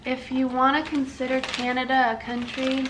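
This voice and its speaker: A woman's voice: high voice, flat delivery, normal speed, heavy background noise. A young woman vlogging, chatting casually and reading out questions to her husband. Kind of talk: casual chat.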